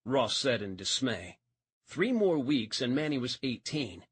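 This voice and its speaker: A man's voice: mid-range voice, sing-song, a little slow, slightly rough, dry recording. A man narrating a romance audiobook, reading expressively and changing voice for each character.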